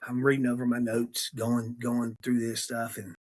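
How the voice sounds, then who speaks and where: A man's voice: mid-range voice, monotone, moderate pace, a little mellow. A man hosting a political podcast, ranting emphatically and repeating himself when aggravated. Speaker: podcast host. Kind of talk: political commentary rant.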